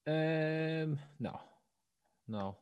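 Male actor-comedian guest, lively delivery, dry close mic, cheeky. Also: on the high side, extremely slow, dry recording, muffled recording. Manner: bantering, swears, defends his craft. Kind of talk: casual chat.

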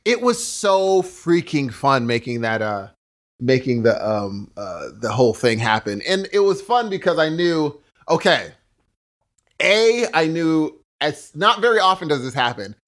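A man's voice: on the high side, big pitch swings, measured pace, a bit bright. A man co-hosting a podcast in a laid-back, rambling casual chat, peppering his talk with "dude". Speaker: podcast co-host.

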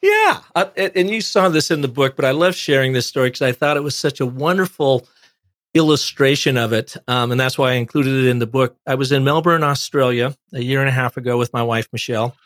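A man, an author guest on an interview, telling a long anecdote in a lively conversational way. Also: medium pitch, a little fast, dry recording, clean studio sound. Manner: animated anecdotal storyteller. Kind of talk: conversational storytelling.

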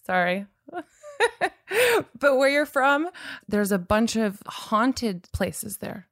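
A woman's voice: on the high side, a bit bright, no room sound, clean studio sound. Playful woman interviewer. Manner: playful, teasing, quick to laugh. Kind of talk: casual interview chat.

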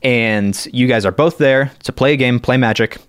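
A man's voice: medium pitch, fairly bright tone, clear, resonant tone, no room sound, clean studio sound. A man co-hosting a podcast in casual chat, upbeat and easygoing. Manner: upbeat and easygoing, quick to agree. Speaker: podcast co-host.

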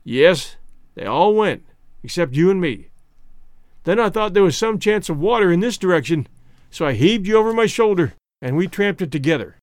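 A man's voice: sits high, animated, moderate pace, dry recording, clean studio sound. A man voicing a starving, dying frontiersman who talks in a rustic, tired dialect. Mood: grim. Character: dying frontiersman, gaunt, weary and tender.

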